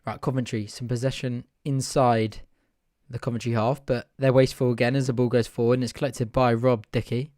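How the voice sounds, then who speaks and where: A young man hosting a live fan watch-along, giving chatty, partisan play-by-play that bursts into excited shouting at chances. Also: mid-range voice, brisk, no room sound, studio quality.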